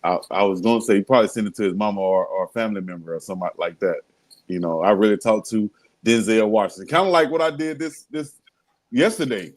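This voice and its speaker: Co-host: easygoing man, lowish voice, relaxed storyteller. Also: low-quality recording. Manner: laid-back storytelling, quick laughs. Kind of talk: casual sports talk show.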